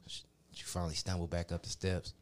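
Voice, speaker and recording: A man telling a story in casual podcast chat, profane and animated, acting out the people he quotes. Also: low voice, a little fast, whispered.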